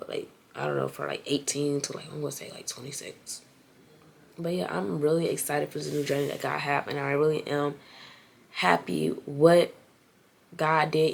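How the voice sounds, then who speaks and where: A woman's voice: deep voice, vocal fry, slight background noise. A young woman with a stuffy nose talking earnestly and casually to her viewers in a vlog. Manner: earnest, talks straight to viewers as y'all. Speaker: vlogger.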